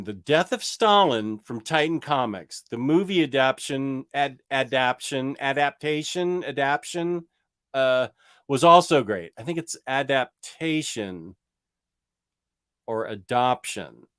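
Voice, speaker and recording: This man speaks at a medium pitch, animated and a little slow, with a fairly bright tone. He hosts a casual comic book livestream, rambling and joking through viewer questions while stumbling over his words.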